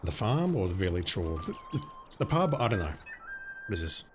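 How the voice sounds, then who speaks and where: A hoarse man streaming a game, making wry, profane asides in casual commentary. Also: deep voice, big pitch swings, moderate pace, music in the background. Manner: wry, profane asides between reading quest text.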